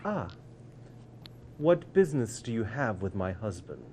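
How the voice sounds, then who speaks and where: A man's voice: fairly low pitch, very animated, measured pace, a little mellow, a little hiss or hum. A man voicing a stern, severe noble woman in a tabletop game.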